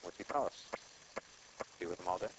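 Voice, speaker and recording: A man's voice: low voice, fairly quick, noisy background. A man giving a conversational sermon, telling a story in a plain voice and repeating short exhortations. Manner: storytelling, acting out dialogue in plain voice; repetitive, exhortative phrasing. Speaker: preacher.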